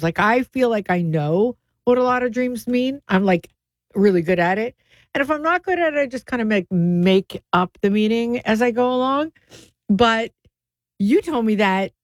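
A woman's voice: medium pitch, darkish tone, no echo. Curious woman hosting a radio show. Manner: curious, playful questioner. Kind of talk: casual on-air chat.

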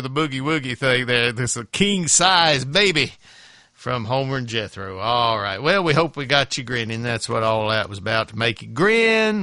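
A man's voice: mid-range voice, sharp tone, no room sound, studio quality. A man with a Southern accent hosting a morning radio show in a folksy, rambling chat. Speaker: radio host.

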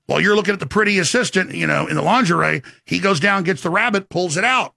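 A man hosting a talk show, delivering an emphatic rant and sales pitch with sudden swings in pitch. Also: fast talker, creaky, bright, forceful tone, dry recording, clean studio sound.

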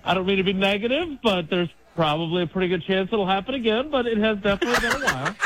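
Calling a radio show's phone hotline, a middle-aged man talks fast in a high voice over heavy background noise. It's casual call-in chat, and he rambles and jokes at his own expense.

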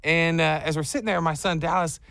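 Animated storytelling man, dry studio sound. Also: fairly high pitch, brisk, creaky, dry recording. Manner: animated, acts out voices in his stories. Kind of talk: casual storytelling chat.

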